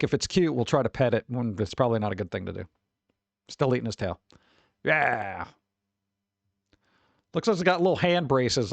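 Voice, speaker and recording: A young man streaming, chatting casually while reacting to pet pictures, animated and chuckling, sometimes putting on funny voices for the animals. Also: medium pitch, vocal fry, no echo.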